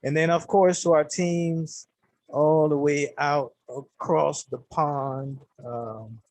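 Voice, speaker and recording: A man on a video call giving earnest, affectionate shout-outs to his staff and teams, often pausing with hesitations. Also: a little high, fairly even intonation, dry recording. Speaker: event organizer. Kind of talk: heartfelt shout-outs on a livestream.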